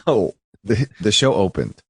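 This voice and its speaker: Male podcast host, lowish voice, animated, laughs a lot, dead-dry sound. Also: measured pace, husky, no echo. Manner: animated, laughing, stumbling restarts. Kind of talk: casual podcast banter.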